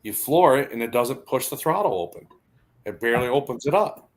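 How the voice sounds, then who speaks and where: A man's voice: medium pitch, lively intonation, a little fast. A man telling rambling anecdotes in casual chat, laughing often and restarting his sentences.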